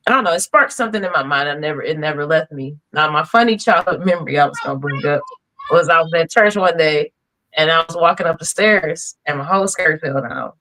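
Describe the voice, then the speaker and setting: Young female guest, bright clear voice, lively storyteller. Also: low voice, brisk, poor audio. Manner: animated storyteller, laughs through her stories. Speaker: podcast guest, singer. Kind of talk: casual chat.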